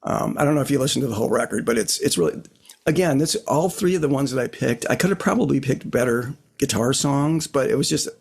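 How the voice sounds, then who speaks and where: A man's voice: mid-range voice, lively intonation, fast talker, creaky, darkish tone, slightly rough. A middle-aged man co-hosting a casual guitar chat, talking in a rambling, reflective way with frequent "you know what I mean" asides into his own desk mic. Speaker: podcast co-host. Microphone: own desk microphone.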